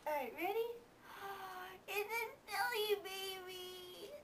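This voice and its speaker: Very high, cooing woman far from the mic. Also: takes it slowly, a bit bright. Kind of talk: home video chat. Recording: distant, noisy home video.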